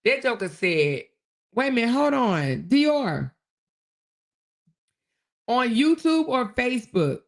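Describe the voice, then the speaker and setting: A woman's voice: fairly high pitch, slow, gravelly, long pauses. A woman hosting a casual livestream, chatting with viewers and acting out both sides of her stories while laughing often. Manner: animated storyteller, acts out both sides of arguments; laughs often, calls listeners "child". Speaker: host of a live commentary show. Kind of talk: casual livestream chat reading viewer comments.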